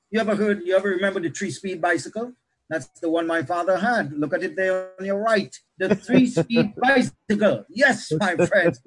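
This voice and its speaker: Man, pastor teaching a preaching class, husky, a bit high, lively lecture. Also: rough recording. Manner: animated teaching, shifting pace and loudness.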